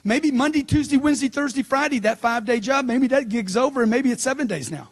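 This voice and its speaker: A middle-aged man delivers a seminar speech in a high, husky voice. He is punchy and emphatic and hammers points home by repeating them. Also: quick pace. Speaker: motivational speaker.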